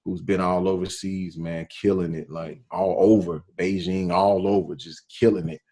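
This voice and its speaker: A radio DJ from Alabama, telling his story in a relaxed interview with slang and quoted dialogue. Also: deep voice, moderate pace. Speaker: radio DJ, podcast guest.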